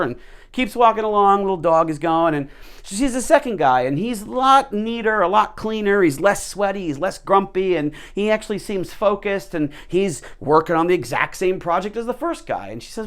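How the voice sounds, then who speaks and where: A man explaining a leadership model through everyday stories, with a voice that sits slightly high. He talks in an animated way, often repeating words as he rephrases. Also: fairly quick. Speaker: leadership teacher. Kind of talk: explanatory storytelling talk.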